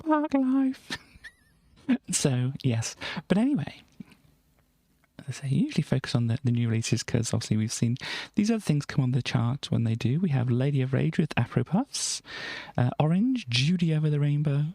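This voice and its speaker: A woman's voice: very deep voice, brisk, dark tone, no room sound. Rambling woman streamer, dry sound. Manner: rambling, chuckling, with frequent ums and self-corrections. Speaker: livestream host. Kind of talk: casual stream chat reading out old music charts.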